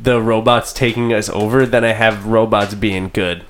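A man co-hosting a podcast, dropping dry, deadpan remarks into the conversation. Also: lowish voice, moderate pace, slight background noise. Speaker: podcast co-host. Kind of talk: casual podcast chat.

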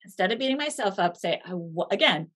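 A woman speaks as an invited author in a faith-based conversation, laying out her ideas patiently and thoughtfully. She often lifts her pitch sharply to stress a word, then settles back to a middle register. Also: quick pace. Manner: thoughtful, explanatory, lively pitch swings for emphasis. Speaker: guest author.

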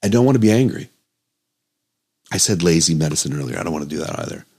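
A man's voice: a bass voice, lively intonation, quick pace, a little mellow, slightly rough. A man hosting his own health podcast as a doctor, speaking in an earnest, emotional, pleading monologue.

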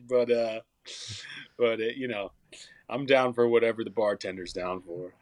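A man's voice: fairly low pitch, fairly even intonation, unhurried, darkish tone, no room sound. A young man, a songwriter and musician, chatting casually as an interview guest, rambling with frequent restarts and fillers.

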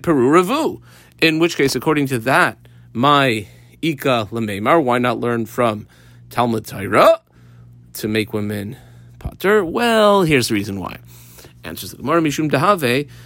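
A man's voice: mid-range voice, no echo. A man teaching a Talmud class. He explains it step by step and weaves Hebrew and Aramaic terms into his English. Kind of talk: daily page Talmud class.

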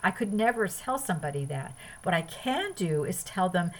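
A woman's voice: lowish voice, big pitch swings, normal speed, hardly any pauses, low-quality recording. A woman hosting a podcast, giving an earnest spiritual self-help talk that runs through long lists of phrases. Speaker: podcast host.

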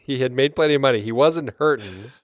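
A man's voice: mid-range voice, fast, dry recording, studio quality. A man co-hosting a film podcast, talking casually and rambling, with many fillers and restarts. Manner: laughs easily. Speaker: podcast co-host.

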